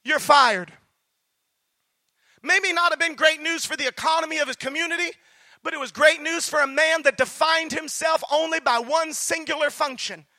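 A man's voice: extremely high pitch, steady tone, brisk, bright, forceful tone, dry recording. A man preaching a storytelling sermon, passionately acting out the dialogue of the people in his story. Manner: impassioned, acts out quoted dialogue.

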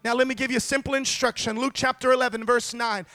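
A man preaching a sermon to a congregation, fervent and building to shouted climaxes, calling out to the listeners. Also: very high-pitched, fairly even intonation, fast, no room sound, studio quality. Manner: calls out to the congregation.

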